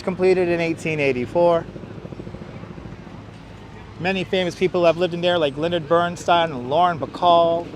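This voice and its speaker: A man's voice: sits high, a little hiss or hum. Chatty Brooklyn man touring outdoors. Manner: chatty, talks to viewers while walking. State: out of breath from walking uphill. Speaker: livestream tour guide. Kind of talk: walking livestream tour commentary. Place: outdoors in a city park. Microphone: wireless clip-on mic.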